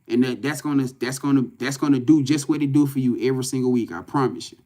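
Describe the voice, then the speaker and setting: A man's voice: mid-range voice, fairly even intonation, fast talker, noisy background. A man, talking loosely to livestream viewers as a spiritual reader, swearing and often saying "you know what I'm saying". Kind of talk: casual livestream talk to viewers. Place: in front of a camera at home.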